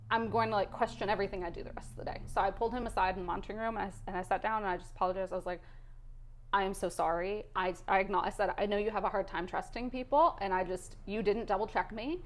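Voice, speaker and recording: A woman in her thirties tells a hard work story with feeling, her voice sitting in a middle pitch. She talks candidly and with energy, like a guest opening up in a relaxed interview. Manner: emotional, candid, animated storytelling. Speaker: guest, cath lab nurse.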